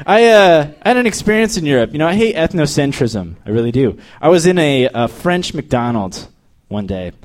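A young man from Texas doing a crude, deadpan stand-up set, then chatting casually about himself. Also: fairly high pitch, moderate pace. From El Paso, Texas. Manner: deadpan, crude, stumbling restarts. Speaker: stand-up comedian.

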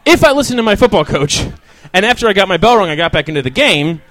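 A man's voice: sits high, sing-song, quick pace, fairly bright tone, no room sound. A young man doing a rambling, self-deprecating stand-up set, swearing and riffing with the crowd while feeling sick. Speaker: stand-up comedian.

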